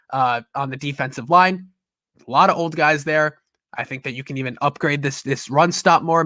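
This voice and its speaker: A man's voice: a little high, bright, forceful tone, no echo, studio quality. A man hosting a football podcast, talking through draft picks in a casual, rambling way that often stops and restarts. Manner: rambling, self-interrupting. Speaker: podcast host.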